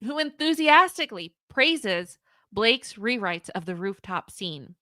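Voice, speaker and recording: Young female streamer, bright tone, dry close sound, animated reactions while reading. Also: mid-range voice, unhurried, dry recording. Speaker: commentary livestream host. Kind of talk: live reaction commentary, reading texts aloud.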